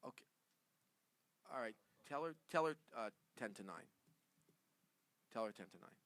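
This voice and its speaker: A man's voice: medium pitch, expressive, normal speed, fairly bright tone, no room sound. Rambling, laughing male radio host. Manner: rambling, laughs often, stammers and repeats himself. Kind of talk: casual studio chat.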